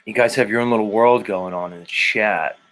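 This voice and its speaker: A man's voice: on the low side, brisk, a bit bright. A man hosting a casual livestream, reading viewer comments aloud, rambling and joking with profanity and humming to himself between comments. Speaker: livestream host.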